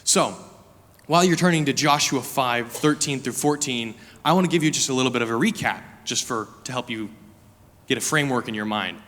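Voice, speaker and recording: A young man giving a sermon as a guest preacher, telling a personal story in an animated, chatty way with lots of "like" fillers. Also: mid-range voice, fairly quick. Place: church sanctuary. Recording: reverberant hall.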